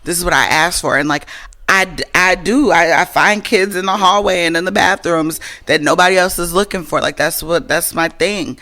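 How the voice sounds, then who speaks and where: A woman co-hosting a podcast, telling stories in a casual, expressive way and swearing freely. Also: on the low side, moderate pace. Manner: animated, expressive storyteller who swears casually. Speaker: podcast co-host. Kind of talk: casual storytelling chat.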